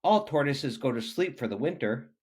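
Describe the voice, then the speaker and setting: A man's voice: medium pitch, sing-song, moderate pace, darkish tone, husky. Man doing a fussy scolding father tortoise. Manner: exasperated, scolding.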